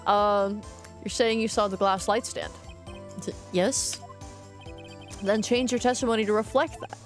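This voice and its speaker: A woman's voice: mid-range voice, steady tone, a little slow, soft background music. A woman streaming a game in casual commentary, playful and cursing, reading the game's text aloud as she goes.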